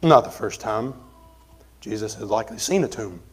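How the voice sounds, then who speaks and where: Pastor preaching with forceful emphasis. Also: male voice, fairly low pitch, animated, normal speed, slightly rough. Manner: conversational, shifts between forceful emphasis and quiet asides. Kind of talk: expository sermon. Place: church sanctuary.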